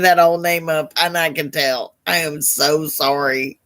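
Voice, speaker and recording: A woman's voice: deep voice, a little slow, hardly any pauses, a bit bright. A woman hosting a live psychic Q&A stream, chatting casually with viewers and calling them baby. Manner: affectionate, calls viewers baby, struggles over names.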